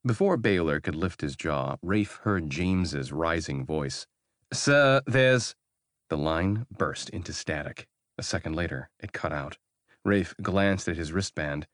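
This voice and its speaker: A man reading narration from a science fiction audiobook in a measured storytelling manner. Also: a bass voice, dry recording, clean studio sound. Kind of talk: scripted narration.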